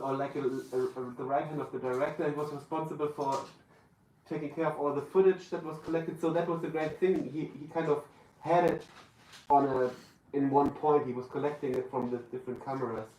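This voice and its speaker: A German-accented man with a darkish voice on the high side speaks as a guest in a live podcast interview, searching for his words. Faint room noise and a distant mic reflect the roomy live venue.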